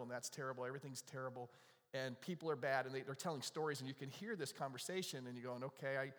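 A man's voice: mid-range voice, fairly bright tone, long reverb tail. A man preaching a sermon at church in a conversational, storytelling way, with friendly asides to the congregation. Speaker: pastor. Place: church sanctuary.

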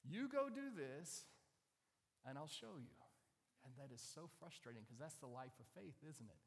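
A man's voice: medium pitch, moderate pace, vocal fry, a bit bright, in a large hall. A man preaching a sermon in a conversational way, often asking the audience questions. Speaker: pastor.

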